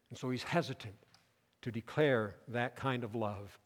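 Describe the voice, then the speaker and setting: A male pastor preaching a sermon, swinging between loud emphatic declarations and quiet asides. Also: medium pitch, normal speed, big-room sound.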